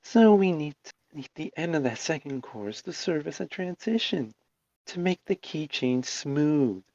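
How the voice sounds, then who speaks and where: A man voicing a stern, practical young woman musician, calm and matter-of-fact, over dull lo-fi call audio. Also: on the high side, a little slow, no echo. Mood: explaining. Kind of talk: amateur voice reading over a call.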